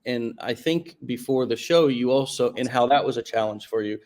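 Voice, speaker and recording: A man's voice: mid-range voice, a little mellow. A man hosting an interview podcast, talking in a casual coaching way and stretching out words for emphasis. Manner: coaching, drawn-out emphatic phrases. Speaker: podcast host.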